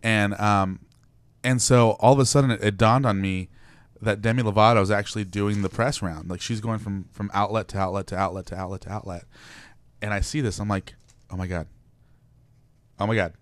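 Young man, fast talker, animated storyteller, dry close sound. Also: lowish voice, clear, resonant tone, dry recording. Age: young adult. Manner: animated storyteller, laughs often. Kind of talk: casual chat.

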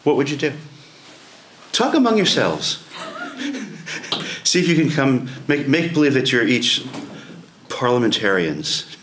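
A man leading an adult class, telling a story in a conversational way, often clearing his throat and putting questions to the group. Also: mid-range voice, very animated, slow pace, pauses often, fairly bright tone, slight background noise. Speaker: adult education class leader. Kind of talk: informal lecture with storytelling. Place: church meeting room. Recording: echoey church room.

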